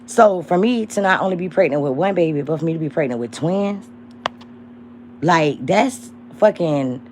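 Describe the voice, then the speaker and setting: A woman's voice: animated, moderate pace, slight background noise. Brash young woman ranting on a livestream. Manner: blunt, profane, calls out a rival; swings between loud mocking and low murmurs. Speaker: livestream host. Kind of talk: casual livestream rant.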